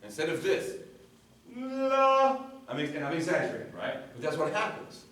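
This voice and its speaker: This choir's vocal coach is a man whose voice is on the high side, fairly bright, with lively intonation. He demonstrates vowels by singing short examples, explains breathing and vowel shapes, and tosses out quick cues, recorded distantly in an echoey rehearsal hall.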